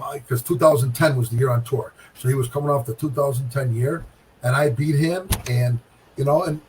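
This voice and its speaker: A middle-aged man telling a bowling story in casual chat, animated, with sound effects and repeated phrases. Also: fairly high pitch, far from the mic, a little hiss or hum, low-quality recording. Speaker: guest pro bowler.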